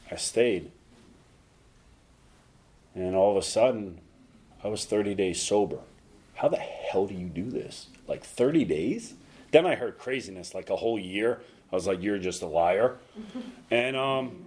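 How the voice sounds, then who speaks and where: A man's voice: on the low side, darkish tone. A man telling his recovery story to a meeting, candid and self-mocking, with dry jokes at his own expense. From North Carolina. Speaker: recovery speaker.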